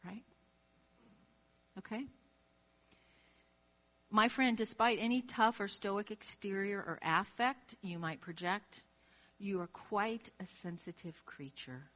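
A woman's voice: medium pitch, slow pace, long pauses, fairly bright tone. Woman preacher with a mid-range voice, giving an emphatic, direct-address sermon. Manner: acts out quoted inner voices.

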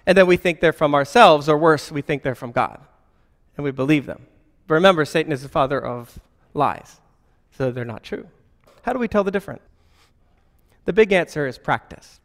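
A man's voice: a little high, in a large hall. A man giving an informal Christian teaching in a conversational way, often asking rhetorical questions.

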